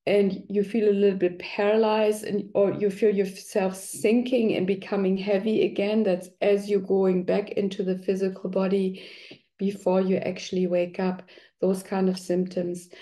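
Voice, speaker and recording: A woman's voice: mid-range voice, level tone, moderate pace, mellow. A middle-aged woman talking conversationally, now and then acting out quoted voices. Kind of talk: explanatory talk.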